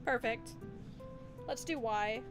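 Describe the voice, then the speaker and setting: A young woman streaming casually, giggling, bursting into loud laughter and swearing freely. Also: a little high, slow pace. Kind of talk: casual livestream chat. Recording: music playing under the voice. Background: background music playlist.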